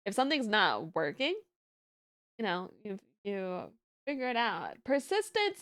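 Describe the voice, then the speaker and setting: A woman streaming and chatting casually in a rambling way, with lots of fillers. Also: medium pitch. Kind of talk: casual reaction chat.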